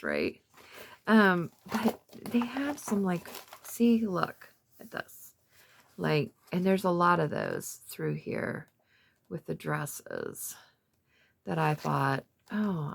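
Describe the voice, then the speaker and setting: Chatty low-voiced woman in her fifties. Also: creaky. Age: 50s. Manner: rambling, chatty, many fillers. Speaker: craft vlogger. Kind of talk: casual show-and-tell of a thrift haul.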